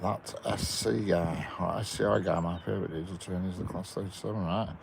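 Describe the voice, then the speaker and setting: Man, very low gravelly voice, casual live-stream chat from a car, faint road noise behind. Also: steady tone, a little fast. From England. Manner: chatty, greets viewers by name, chuckles. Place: inside a parked car by a railway.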